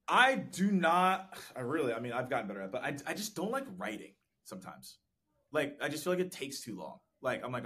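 A man's voice: medium pitch, sharp tone. A man being interviewed on a podcast about sales outreach, talkative and laughing often. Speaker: podcast guest, sales professional. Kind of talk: casual interview chat. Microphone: desk mic with content gear.

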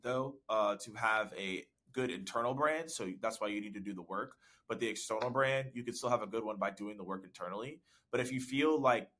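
A man's voice: lowish voice, fairly bright tone. A man being interviewed on a podcast about sales outreach, talkative and laughing often. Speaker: podcast guest, sales professional. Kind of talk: casual interview chat. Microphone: desk mic with content gear.

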